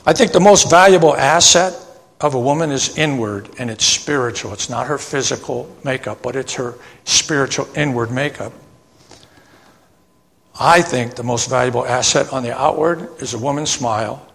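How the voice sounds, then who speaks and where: A man preaches from the pulpit of a church sanctuary, his voice carrying a long hall reverb. He reads scripture verses slowly and breaks off into plain, homely explanations. His pitch sits in an ordinary middle range. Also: creaky, fairly bright tone. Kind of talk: sermon with scripture reading.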